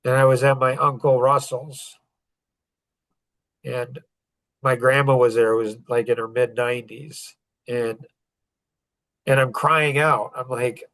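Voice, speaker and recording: Middle-aged guy rambling earnestly, mid pitch, dry close sound. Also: fairly even intonation, a little slow, long pauses, fairly bright tone, no echo. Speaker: self-improvement speaker. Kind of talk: personal storytelling talk.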